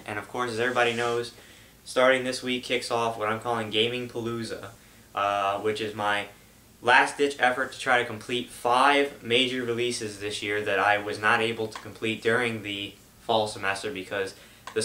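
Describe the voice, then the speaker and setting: A man's voice: mid-range voice, sharp tone, roomy sound, slight background noise. A young man hosting his gaming channel, giving a rambling, casual update full of fillers. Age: young adult. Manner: rambling, loose, lots of fillers. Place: home room.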